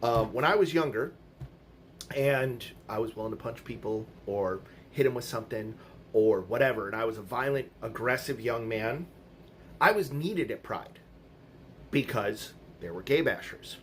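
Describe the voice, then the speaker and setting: A man's voice: medium pitch, lively intonation, moderate pace, slight background noise. A middle-aged man telling stories in a blunt, profane, casual monologue, quoting other people as he goes. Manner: blunt, profane, storytelling with quoted voices. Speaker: vlogger.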